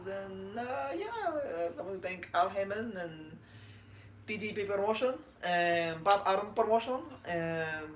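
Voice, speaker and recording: A man imitating a humble Filipino boxer in a post-fight speech, halting and repeating phrases as he thanks everyone. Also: high-pitched, animated, reverberant, a little hiss or hum. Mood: earnest.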